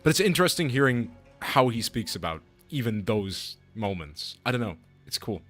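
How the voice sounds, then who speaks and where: A young man chatting over his gameplay, his voice at a middle pitch, rambling and excitable as he restarts his sentences and swears freely. Faint music plays underneath. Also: moderate pace, few pauses. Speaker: streamer. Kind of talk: casual gameplay commentary.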